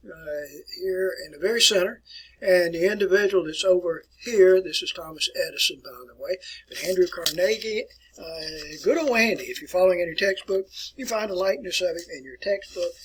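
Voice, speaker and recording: A man's voice: high-pitched, normal speed, fairly bright tone, poor audio. A man teaching a recorded history lecture, folksy and rambling, with many fillers and asides to his students. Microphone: document camera with built-in mic.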